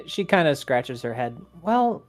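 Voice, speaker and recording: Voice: mid-range voice, lively intonation, unhurried, darkish tone, soft background music. A player in a tabletop role-playing game, talking casually with fillers and describing their character's actions.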